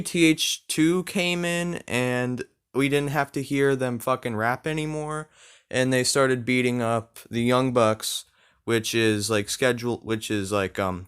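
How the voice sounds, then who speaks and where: A man's voice: mid-range voice, clean tone. A man giving a casual, profane wrestling show review in a vlog, often slipping into rants.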